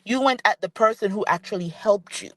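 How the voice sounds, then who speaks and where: A woman's voice: medium pitch, brisk, fairly bright tone, no room sound. A woman giving opinionated commentary on a vlog, ranting and speaking straight to the person she criticizes, repeating her points for emphasis. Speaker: reality TV commentator.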